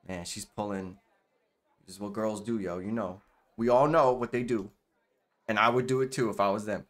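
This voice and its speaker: A man's voice: fairly low pitch, normal speed. Man, gameplay commentary, casual, slangy, chatty, cusses freely. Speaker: gaming channel host.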